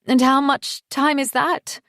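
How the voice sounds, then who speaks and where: A woman narrator voicing a heartbroken, furious young woman, her lines raised and higher than the narration, read slowly. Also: level tone, fairly bright tone, no room sound, clean studio sound, heavily acted. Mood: angry.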